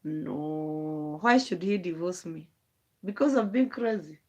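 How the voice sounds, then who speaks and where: A woman's voice: fairly low pitch, expressive, takes it slowly. A rambling woman. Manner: rambling, emotional, wandering thoughts. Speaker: vlogger. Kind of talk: late-night live stream monologue.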